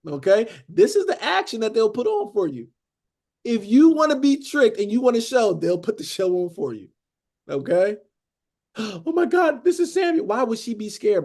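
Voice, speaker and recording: A man teaching a Bible study in a conversational sermon style, breaking in to act out the characters and often saying "beloved" and "okay?". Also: high voice. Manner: animated, acts out characters, frequent "beloved" and "okay?".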